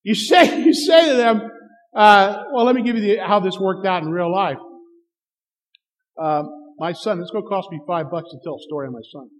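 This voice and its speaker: A man's voice: high voice, moderate pace. A middle-aged man preaching a sermon, telling stories and acting out the dialogue with chuckles. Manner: storytelling with acted-out dialogue and chuckles. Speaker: pastor. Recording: long hall reverb.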